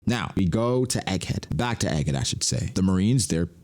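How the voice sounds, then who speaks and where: A man on a manga reaction podcast giving excited solo commentary, acting out characters' lines in his own voice. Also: deep voice, brisk. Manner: animated, acts out characters' quotes in his own voice.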